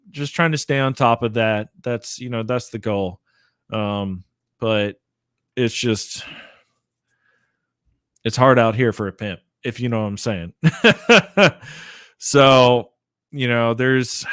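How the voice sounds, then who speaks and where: Sleepy guy rambling on his live stream, smooth clear voice, dry close sound. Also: medium pitch, fairly bright tone, no echo. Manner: rambling, filler-heavy, laid-back. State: sleepy, yawning. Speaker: comic book vlogger. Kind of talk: casual live-stream chat.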